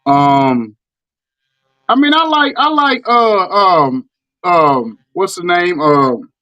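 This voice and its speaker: A middle-aged man with a Southern US drawl hosts a laid-back chat. His voice sits a little high and lands dry and close on the mic. He talks in animated bursts, doubling back and repeating words. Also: slow pace, no room sound, muffled recording. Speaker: podcast host. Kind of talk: casual chat.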